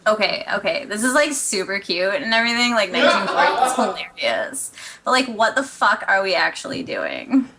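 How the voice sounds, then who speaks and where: A woman's voice: medium pitch, sing-song, normal speed, pushed and bright. Woman playing a flippant young modern woman. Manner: casual, peppered with "like". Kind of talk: tabletop role-play. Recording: echoey room.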